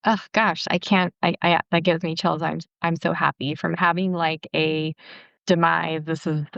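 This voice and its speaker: A woman's voice: low-pitched, flat delivery, normal speed, creaky, a bit bright, dry recording, lo-fi sound. A woman cohosting a podcast interview, effusive, often stumbling through restarts. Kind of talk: conversational interview.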